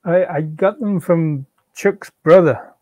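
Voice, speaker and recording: A man's voice: a little high, moderate pace, no room sound, muffled recording, lightly acted. A man in a live reading, voicing a defensive, pleading unemployed husband and father.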